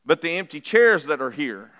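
Folksy pastor in a reverberant church. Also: male voice, fairly high pitch, big pitch swings, normal speed, bright, forceful tone. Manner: folksy, conversational preaching, asks the congregation questions. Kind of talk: sermon. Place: church sanctuary.

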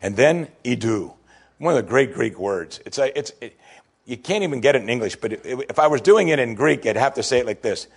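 Male pastor, middle-aged, husky, lively delivery; sermon read. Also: mid-range voice, fairly quick. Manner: animated, emphatic, acts out quoted lines.

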